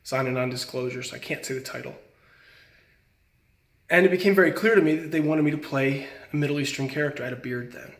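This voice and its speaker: A man's voice: on the high side, fast talker, reverberant. A young man, an actor, talking casually to camera and giving a friend earnest, frank advice.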